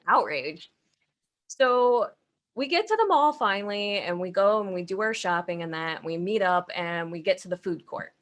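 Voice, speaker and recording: Woman co-host, laid-back storyteller, expressive and swinging in pitch, quick to laugh, salty language. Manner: animated, laughing and swearing. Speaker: podcast co-host. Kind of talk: casual storytelling.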